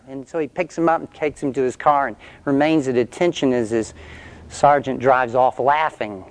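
A man's voice: medium pitch, moderate pace, clear, resonant tone, no echo. A male preacher telling an illustration story in a conversational sermon, then leading a prayer.

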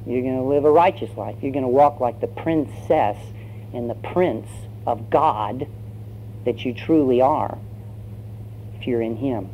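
A pastor preaching, telling a story in a conversational way with fillers. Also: male voice, medium pitch, measured pace. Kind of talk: sermon with storytelling. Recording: dull lo-fi sermon recording, faint hum.

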